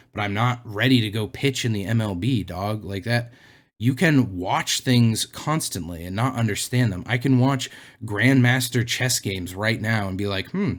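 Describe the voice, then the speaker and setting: A young man hosting a casual unscripted commentary video, sarcastic and exasperated, jumping to high incredulous outbursts as he reads and mocks viewer comments. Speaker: anime commentary youtuber.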